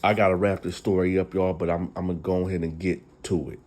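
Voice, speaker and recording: A man's voice: low voice, little pitch movement, fast, a little mellow, a little hiss or hum. A man hosting a casual storytime retelling, chatty and talking straight to his listeners. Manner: chatty, addresses listeners directly. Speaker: storyteller host.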